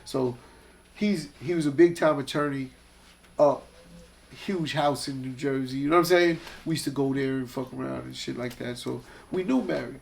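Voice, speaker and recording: A man's voice: mid-range voice, normal speed, gravelly. A man, a guest telling casual, profane stories and acting out the people in them. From Hollis, Queens, New York. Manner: animated, profane, acts out voices in stories. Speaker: guest, music executive. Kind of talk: casual storytelling.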